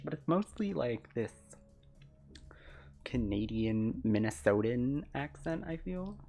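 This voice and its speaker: A woman's voice: very deep voice, expressive, takes it slowly, vocal fry, dark tone. A woman streamer reading game text aloud during a live reaction, joking and laughing often.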